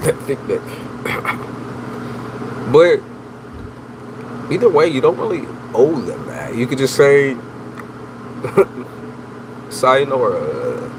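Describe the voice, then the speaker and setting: A man's voice: mid-range voice, drawn-out words, long pauses. A man giving casual tarot readings on a livestream, slangy and teasing, talking straight to his viewers. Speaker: tarot reader, livestream host. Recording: steady background noise.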